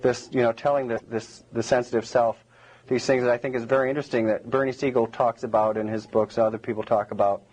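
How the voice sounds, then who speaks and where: A man's voice: medium pitch, flat delivery, fast, darkish tone, poor audio. A man giving a public lecture to a live audience, rambling and digressive with many restarts.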